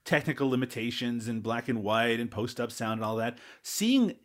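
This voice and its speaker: A man co-hosts a film podcast in a middle-pitched voice. He speaks bluntly and slips in jokes as he gives his opinions on the movie. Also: expressive, normal speed. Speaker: podcast co-host and editor. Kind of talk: casual film discussion.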